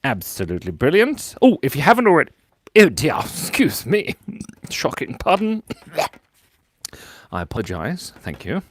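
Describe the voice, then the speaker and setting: A man hosting a live drawing stream, cheerful and chatty, his voice bouncing up and down in pitch as he thanks viewers one after another. He talks into a clip-on mic, and the sound is dry and close with no room echo. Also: wildly swooping pitch, normal speed, long pauses. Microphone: clip-on lapel mic.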